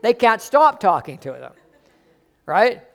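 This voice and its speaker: High-voiced man preaching a lively sermon. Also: takes it slowly, gravelly. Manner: animated preaching, swinging between loud emphasis and soft asides. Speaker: pastor.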